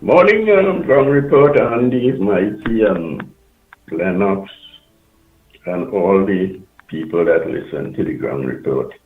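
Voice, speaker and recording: A man calling a radio show, speaking in an unhurried, somber way. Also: deep voice, expressive. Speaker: radio caller. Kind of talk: call-in talk radio. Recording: tinny echoey phone line.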